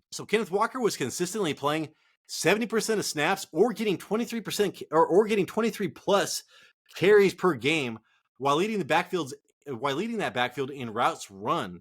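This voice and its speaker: This man's slightly high, somewhat bright voice carries a heated, profanity-laced rant. He co-hosts a fantasy football show and keeps the tone casual.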